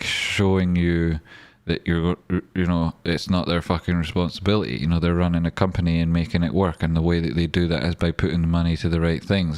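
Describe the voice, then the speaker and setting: A man hosts a casual live trading stream from home. His voice sits very low. He rambles, swears and speaks his mind bluntly, and the sound is close and dry. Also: no room sound.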